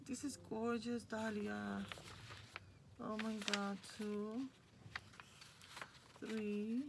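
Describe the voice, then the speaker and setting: A woman's voice: mid-range voice, flat delivery, extremely slow, vocal fry, long pauses. A woman, hosting a craft channel and gushing over the crafting supplies she unboxes. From Puerto Rico. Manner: gushing, enthusiastic. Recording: noticeable background noise.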